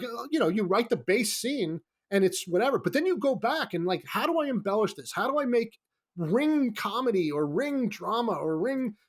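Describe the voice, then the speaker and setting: A middle-aged man, a screenwriter guest, telling a comic anecdote in a lively, animated way. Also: sits high. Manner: lively, comic storytelling with acted-out quotes.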